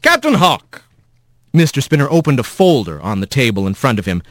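A man narrating an animal courtroom story in an expressive audiobook style. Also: medium pitch, fast, no room sound, clean studio sound.

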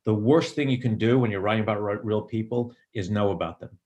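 Low-voiced man musing on his writing. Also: fast talker, darkish tone. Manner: thoughtful, digressive, many ums. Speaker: screenwriter and director. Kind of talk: reflective interview answers.

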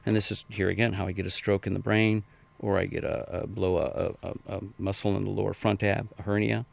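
A man's voice: flat delivery, brisk, gravelly. A middle-aged man, a martial arts and fitness trainer, answering interview questions in a rambling, casual way. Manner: rambling, acts out quoted people in high voices.

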